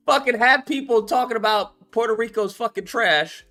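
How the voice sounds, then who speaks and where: A man hosting a live stream, reacting with animated, profane talk and sudden shouted outbursts. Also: very high voice, normal speed, soft background music. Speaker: streamer host.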